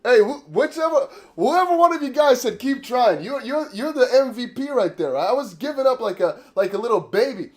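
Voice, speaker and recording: Hyped-up guy livestreaming, high voice jumping all over, kinda breathless. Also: moderate pace, few pauses. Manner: excitable, shouting and laughing with relief; rambling, self-mocking. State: out of breath, sweating. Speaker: crypto livestream host. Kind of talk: excitable live-stream chat.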